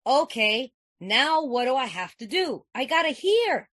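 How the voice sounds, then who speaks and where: A woman's voice: on the high side, sing-song, normal speed, few pauses, a bit bright, dry recording. A woman from California giving an earnest, conversational personal share at a recovery meeting, repeating phrases and often asking "you know what I'm saying".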